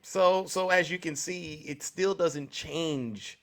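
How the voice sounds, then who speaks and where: A man hosting a live political call-in show argues with a caller in a pressing, rhetorical style. His voice sits a little high for a man, and he keeps tagging his points with "right?" He often interrupts to take back the floor. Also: slow pace, a bit bright. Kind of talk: argumentative debate with a caller.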